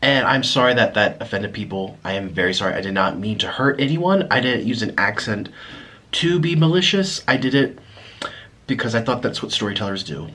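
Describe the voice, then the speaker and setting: A man's voice: on the low side, lively intonation, brisk, sharp tone. A man hosting an eating vlog, chatting casually and apologetically between bites, sometimes talking with food in his mouth. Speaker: mukbang vlogger. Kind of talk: casual talk while eating on camera.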